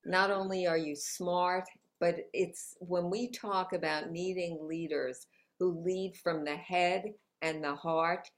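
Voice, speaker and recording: A woman's voice: fairly low pitch, fairly even intonation, takes it slowly. A woman guest in an interview, talking in an upbeat, motivational way and laughing often. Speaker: guest, author. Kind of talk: conversational interview. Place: New York City.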